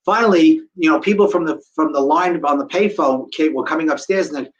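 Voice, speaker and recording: Animated middle-aged male storyteller. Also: on the high side, a little fast, dull audio. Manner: animated, acts out the voices of people in his story. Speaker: guest speaker telling a survivor story. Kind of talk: live storytelling talk.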